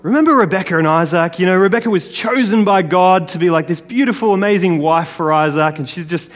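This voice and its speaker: A man's voice: high voice, a little fast. A man telling a Bible story in a casual, chatty way, with jokes along the way. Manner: chatty, joking, lively storytelling. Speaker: Bible teacher. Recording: long hall reverb.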